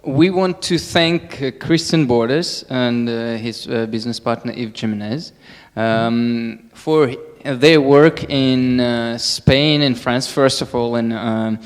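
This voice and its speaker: A man's voice: mid-range voice, takes it slowly, clean tone. A company representative, a man, giving formal thanks with an appreciative manner and some fillers. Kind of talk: closing thanks. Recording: long hall reverb.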